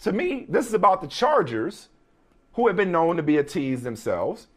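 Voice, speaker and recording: A man's voice: high-pitched, very animated, moderate pace. A man hosting a sports talk show, arguing his points emphatically and often repeating himself. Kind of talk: sports debate.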